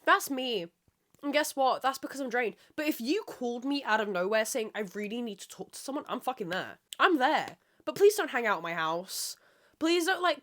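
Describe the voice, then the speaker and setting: Animated, bright-voiced woman ranting. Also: a little high. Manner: ranting, heavy swearing; rambling, loses her train of thought. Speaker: podcast host. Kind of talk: solo podcast monologue.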